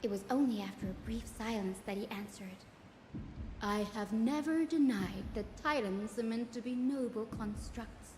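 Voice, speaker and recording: An actress playing a young female guide in a game, telling lore in a soft, earnest manner. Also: on the high side, moderate pace, a little hiss or hum, natural voice. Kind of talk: game dialogue. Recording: roomy game audio with music behind.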